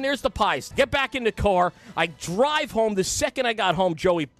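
A man hosting a sports radio show, telling funny stories in an animated way, laughing and shouting at the big moments. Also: high voice, normal speed, few pauses. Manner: excitable storyteller, laughs at his own stories, shouts at the peaks. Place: radio studio.

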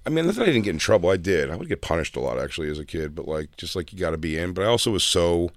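Rambling man with a low voice. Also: sing-song, very fast. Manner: rambling storyteller, acts out quotes. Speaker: co-host. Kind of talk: casual comedic chat. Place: radio studio.

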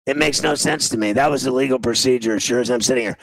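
A gravelly-voiced man hosts a sports talk show and rants about a game he is watching. He is exasperated and repeats himself often. The recording is close and dry. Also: medium pitch, fast talker, a bit bright, dry recording, low-quality recording. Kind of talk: casual sports radio chat while watching a game.

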